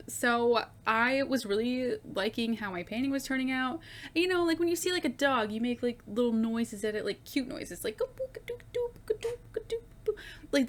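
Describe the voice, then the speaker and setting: A woman with a high voice narrates her craft video in a relaxed, slow-paced way. She rambles, leans on fillers and swears offhandedly, like chatting with friends. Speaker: craft video creator and streamer. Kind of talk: casual vlog voice-over.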